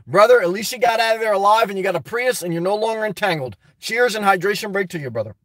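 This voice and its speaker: High-pitched male vlogger, loose rambling delivery, frequent laughs, dry unreverberant sound. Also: fast, dry recording. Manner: rambling, animated, laughs often, addresses viewers directly. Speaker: vlogger reading live chat. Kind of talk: casual live-stream chat.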